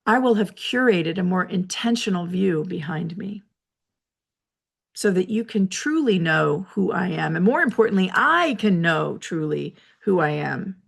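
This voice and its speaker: A woman hosting a reflective solo talk from her office, explaining ideas in a measured, lecturing way with personal asides. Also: fairly low pitch, animated, vocal fry. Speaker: host.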